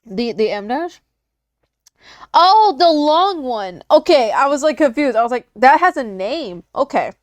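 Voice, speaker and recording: A young woman streamer in casual reaction chat, talking in an animated, profane and rambling way. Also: sits high, measured pace, dry recording, studio quality. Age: young adult.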